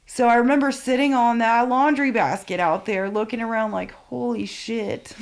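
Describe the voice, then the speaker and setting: A woman in her forties speaks as a podcast guest, recounting her life story with blunt candor. Her talk is loose and unpolished, full of fillers and frequent swearing, and her pitch sits in an ordinary middle range. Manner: frank and profane, with many fillers. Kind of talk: candid personal storytelling.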